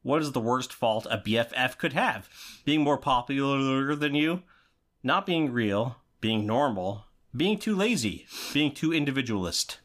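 A man's voice: medium pitch, expressive, a little slow, a bit bright. A man co-hosting a podcast in casual chat, reading out quiz questions and laughing often. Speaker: podcast co-host.

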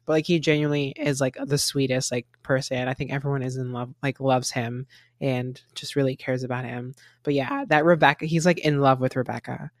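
A man's voice: medium pitch, steady tone, brisk, no room sound, clean studio sound. A young man co-hosting a casual chat, rambling with lots of "like" and frequent laughs. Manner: rambling, heavy use of "like", laughs often. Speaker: podcast co-host. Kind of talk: casual chat reviewing a reality show.

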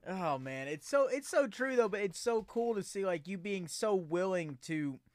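A man's voice: high voice, lively intonation, moderate pace, no echo. A man in his thirties hosting a podcast, talking in an earnest, encouraging casual chat. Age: 30s. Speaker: podcast host.

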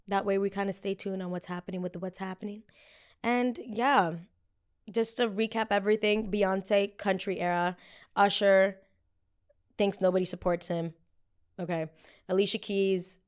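A woman's voice: on the low side, smooth. A young woman hosting a casual pop culture chat, rambling and chatty with sassy asides. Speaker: podcast host.

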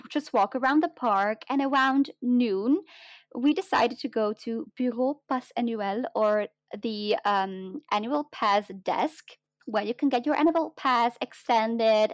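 High-voiced chatty young woman. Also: no echo. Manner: excited, chatty, many fillers. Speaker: guest telling a story. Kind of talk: casual chat, storytelling.

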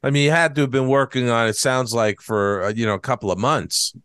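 A man's voice: mid-range voice, a little fast, fairly bright tone, smooth. A man co-hosting a podcast, reacting briefly and asking curious follow-up questions. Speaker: podcast co-host.

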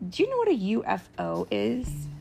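A woman reading a picture book aloud to a child, playful and animated, stopping often to ask questions about the pictures. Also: medium pitch, moderate pace, creaky, over music. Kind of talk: storybook read-aloud with questions.

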